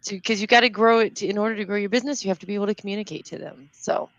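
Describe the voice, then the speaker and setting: A woman's voice: medium pitch, dry recording, lo-fi sound. Chatty Southern woman co-host. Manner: chatty, rambling, quick to laugh. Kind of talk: casual chat.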